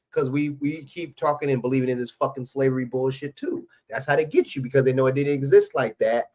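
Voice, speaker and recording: A man's voice: a little high, darkish tone. A man hosting a livestream, reacting to clips with casual, profane, heated ranting and lots of fillers and restarts. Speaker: livestream host.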